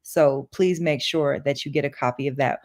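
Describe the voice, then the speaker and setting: A woman's voice: rumbling low, fairly even intonation, moderate pace, a little mellow. A woman hosting a poetry reading, chatting casually with a laugh before reading a guest's introduction. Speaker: event host.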